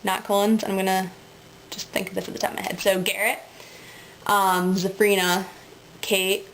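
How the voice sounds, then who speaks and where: Woman, casual webcam vlog, rambling, giggly, mid-pitched voice, faint background hiss. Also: flat delivery, moderate pace, fairly bright tone, poor audio. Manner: rambling, giggly, full of ums and likes. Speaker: vlogger.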